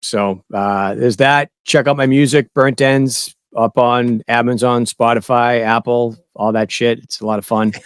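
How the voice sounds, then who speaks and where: A man on a podcast as a guest, joking easily and chatting. His voice is mid-pitched and sounds dry and close. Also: steady tone, unhurried, few pauses, smooth, no echo. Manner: joking, easygoing. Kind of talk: casual chat.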